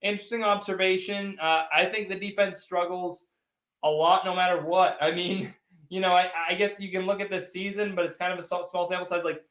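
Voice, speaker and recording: High-voiced man hosting a rambling sports stream. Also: little pitch movement, fairly quick, a bit bright. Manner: rambling, teasing, talks straight to viewers. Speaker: sports livestream host. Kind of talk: casual postgame livestream, reading viewer chats. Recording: echoey room.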